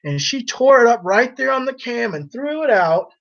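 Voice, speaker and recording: A man's voice: very high voice, very animated, normal speed, vocal fry, fairly bright tone, lo-fi sound. A man chatting casually on a livestream in a rambling, teasing way, laughing often.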